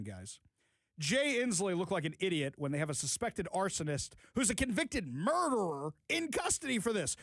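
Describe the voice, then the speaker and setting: A man hosting a political talk radio show, sarcastic and animated, repeating phrases for emphasis. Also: high voice, dry recording.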